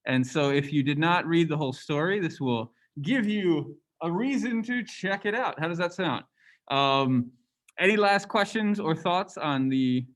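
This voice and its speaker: A man giving a casual university lecture, talking conversationally and often asking rhetorical questions. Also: fairly high pitch.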